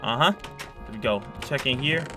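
Young male gaming streamer; wide-ranging, slangy, screams easily; soft music under. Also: mid-range voice, animated, moderate pace. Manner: jumpy, yelps and screams at scares, slangy. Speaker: gaming YouTuber. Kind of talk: Minecraft horror let's play commentary.

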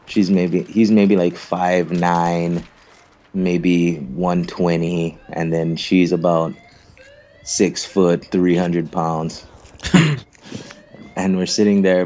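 A man's voice: low-pitched, dark tone. A young man being interviewed, telling long rambling stories in a casual, profane, laughing way. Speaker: interviewed clan member. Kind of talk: casual storytelling chat.

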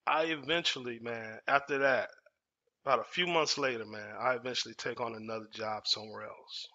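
With fairly even intonation and a fairly quick pace, a man's medium-pitched, sharp voice tells a personal story. He's a storytelling host from Dallas, Texas, in his 40s, speaking casually and emphatically and repeating phrases for effect, recorded in dull lo-fi.

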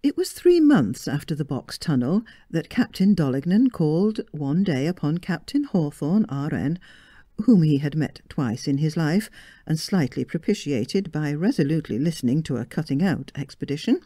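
Female story reader: low, dark voice with a lively, varied pitch, very dry close sound. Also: no echo. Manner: slow, expressive reading. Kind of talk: reading a story aloud.

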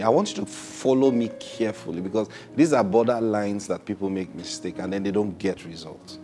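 A man preaching a sermon, opening with prayer and acting out little dialogues, swinging from soft to loud. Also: fairly low pitch.

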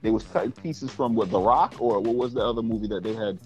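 A man's voice: medium pitch, fast, muffled recording, faint music behind. A man, co-hosting a podcast in casual chat, blunt and opinionated. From New York. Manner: blunt, opinionated, animated ranting. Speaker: podcast co-host.

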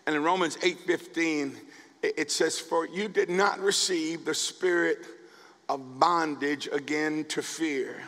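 A male pastor preaching a sermon, building from calm scripture reading to shouted calls to the congregation. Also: a little high, in a large hall. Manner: preaching, rising to shouts with repeated words. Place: church sanctuary.

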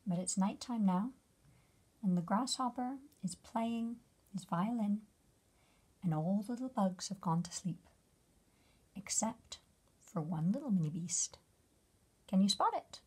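A woman reading a picture book aloud to children as their teacher, gently asking them questions about the pictures. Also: medium pitch, unhurried, husky. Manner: gentle, asks the listener questions.

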